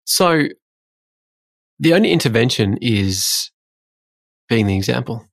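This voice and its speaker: A man's voice: medium pitch, lively intonation, takes it slowly, gravelly. A man co-hosting a podcast, telling stories in a casual, self-deprecating way. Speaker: podcast co-host. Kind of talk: casual conversation.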